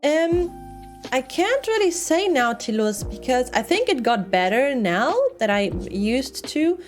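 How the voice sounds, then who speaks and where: A young woman with a non-native English accent chats to her stream as she works on a model kit, rambling and laughing easily. Her voice sits a little high, and soft music plays faintly behind her. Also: sing-song, measured pace. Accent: non-native English speaker. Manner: chatty, rambling, laughs often. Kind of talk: casual chat while model building.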